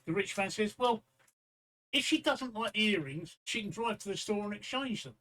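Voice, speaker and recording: A man's voice: high-pitched, animated, normal speed, a bit bright, rough recording. A man hosting a live stream, bantering cheekily and telling long jokes. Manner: cheeky, tells long jokes with character lines. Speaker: host.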